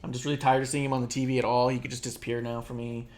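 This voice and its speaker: A podcast co-host in casual chat, rambling and swearing freely, with plenty of fillers and quick mocking asides. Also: medium pitch, level tone. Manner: rambling, profane, filler-heavy; drops into quick mocking impressions.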